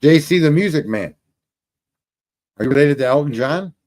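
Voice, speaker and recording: A man's voice: a little high, expressive, moderate pace, darkish tone. Crude rambling man hosting a call-in stream. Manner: rambling, crude, laughs at his own stories. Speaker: call-in show host. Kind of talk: profane casual livestream chat.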